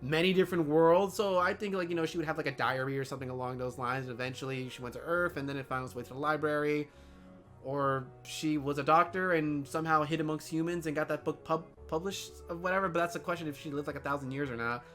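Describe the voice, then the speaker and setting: Excitable chatty man, fairly high voice. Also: quick pace, soft background music. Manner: excitable, rambling, jokey. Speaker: host. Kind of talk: casual chat.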